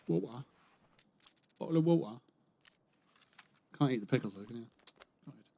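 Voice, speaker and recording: A man's voice: mid-range voice, animated, moderate pace, vocal fry, mellow. A man chatting casually while playing a game on a livestream, muttering to himself and swearing dryly, close to his microphone. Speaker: streamer. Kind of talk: casual gameplay livestream commentary.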